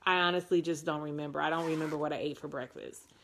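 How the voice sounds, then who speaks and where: A woman in her forties from Detroit, USA, chats casually on a live stream while reading and answering viewer comments. Her voice sits low and bright with fairly even intonation, and there's slight background noise. She rambles unhurriedly, full of ums, restarts, and playful self-mockery.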